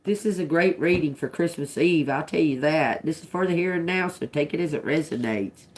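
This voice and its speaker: Her low voice moving a little fast, a woman gives a live-streamed tarot reading, sounding out lone words as she muses on them. She then breaks into chatty asides, swearing and laughing.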